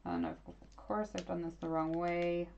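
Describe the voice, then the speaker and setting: A woman in her thirties chats through a casual livestream Q&A as host, her slightly low voice meandering with fillers and restarts. The sound is dull and lo-fi, as if through a basic setup. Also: big pitch swings, measured pace, a little mellow, slight background noise. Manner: chatty, rambling, frequent fillers and self-corrections. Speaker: archaeologist YouTuber hosting a livestream.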